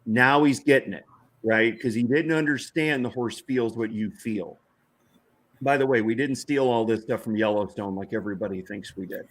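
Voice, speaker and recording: A man's voice: mid-range voice, fairly even intonation, normal speed. A man, a guest from a veterans' ranch, telling a story in a folksy, chuckling way with lots of "you know". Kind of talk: casual anecdotal storytelling.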